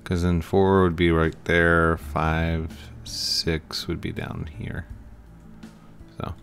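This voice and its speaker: A man's voice: deep voice, flat delivery, takes it slowly, vocal fry, a bit bright, faint music behind. A man giving casual, playful commentary while playing a game, acting out little scenes and sound effects. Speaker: gaming YouTuber.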